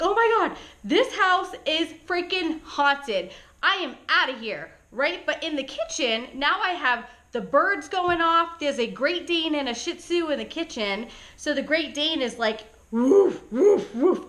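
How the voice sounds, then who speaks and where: A woman vlogger recounting a story in a casual, chatty storytime. Her voice sits high and bright, and it swings widely up and down as she talks. She keeps tossing in "like" and "right?" as she goes. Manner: chatty, animated, many "like" and "right?" tags. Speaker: pet sitter and vlogger.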